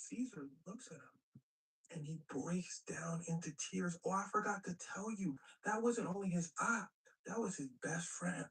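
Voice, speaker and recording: A man's voice: sits high, normal speed, a bit bright, husky, recorded from a distance, low-quality recording. A man telling a comic history story in slang, jumping between voices for each character. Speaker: comedic storyteller.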